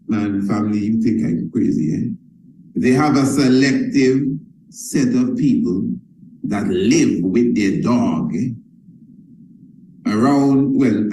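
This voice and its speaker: A man's voice: medium pitch, mellow, echoey room, poor audio. A man giving a motivational sales talk, emphatic and repetitive, calling his listeners family.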